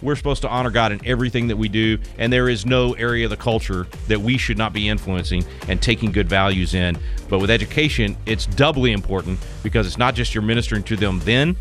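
A man's voice: fairly low pitch, fast, a bit bright, soft background music. A man hosting a conservative radio talk show, speaking earnestly and preachily with many restarts and fillers.

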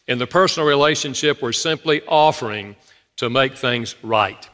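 Bright-voiced preacher in a reverberant hall. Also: male voice, medium pitch, moderate pace. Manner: animated storytelling preacher, addresses congregation. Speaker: pastor. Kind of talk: sermon. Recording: long reverb of a large hall.

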